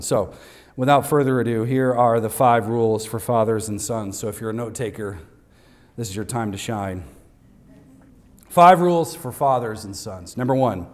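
Emphatic male pastor preaching a sermon. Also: medium pitch. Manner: emphatic, repeats key points for note takers; light humor aimed at the congregation. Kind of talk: Father's Day sermon. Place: church sanctuary.

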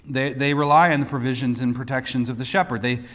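A man's voice: medium pitch, fairly even intonation, fast talker, fairly bright tone. Man preaching in a reverberant hall. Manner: teaching, with light asides and repeated words. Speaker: pastor. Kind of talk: sermon.

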